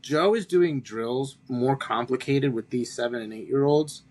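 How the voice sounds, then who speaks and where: A man who coaches high school soccer, chatting casually and retelling stories with quoted dialogue. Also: measured pace, a little mellow. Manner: chatty storyteller, quotes others. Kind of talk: casual chat.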